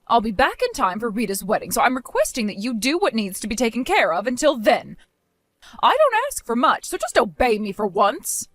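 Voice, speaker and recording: A woman's voice: on the high side, big pitch swings, fast, few pauses, dry recording. A woman voicing a harsh, domineering older mother-in-law who talks in a scornful, insulting way. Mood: bossy.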